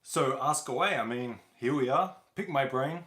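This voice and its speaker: A man chatting casually on a livestream, rambling along with plenty of "you know"s and restarts. His voice sits at an ordinary middle pitch and carries a noticeable echo, as if he is in a bare room at home. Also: moderate pace, fairly bright tone. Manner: loose, rambling, with many fillers. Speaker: host of a car wash business channel.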